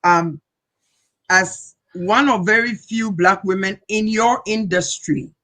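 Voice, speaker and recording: A woman's voice: medium pitch, slow pace, bright, forceful tone. A woman hosting a talk show, encouraging her guest with frequent affirmations. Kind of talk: interview conversation.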